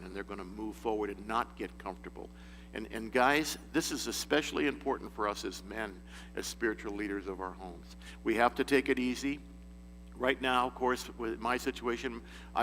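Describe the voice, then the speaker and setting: A folksy informal sermon to a men's group: the man's medium-pitched, fairly bright voice tells stories full of chuckles and false starts, often restarting. It's recorded in a church meeting room with hall-like echo and a faint hum.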